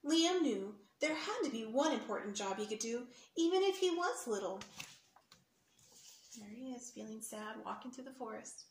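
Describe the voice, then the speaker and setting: A woman reads a picture book aloud to children, stopping to explain words and point at the pictures. Her voice sits fairly high. The recording is echoey, with a faint hiss behind it. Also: animated, moderate pace. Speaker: storyteller for children.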